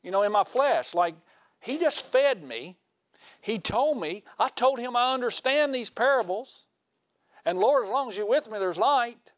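A man giving a conversational sermon in a folksy way, asking his listeners questions and swinging from loud to hushed. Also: extremely high pitch, animated, measured pace, no room sound. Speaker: preacher.

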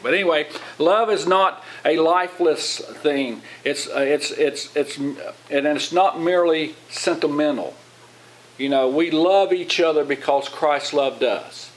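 A man's voice: fairly high pitch, moderate pace, poor audio. A man preaching to his congregation in a loose, conversational teaching style, often asking them questions and repeating his words as he goes. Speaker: pastor.

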